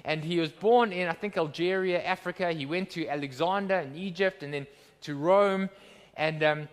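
A man's voice: a little high, normal speed, smooth, big-room sound. A man preaching a sermon as pastor, earnest and emphatic, with rhetorical questions. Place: church.

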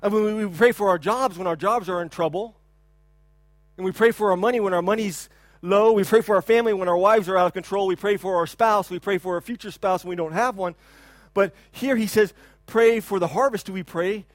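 A man in his thirties preaching a sermon as a pastor, talking in a loose conversational way with repeated words and sudden loud bursts when he imitates a child. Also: sits high, fairly quick, no echo. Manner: animated preaching, shouts to imitate a crying child. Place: church hall.

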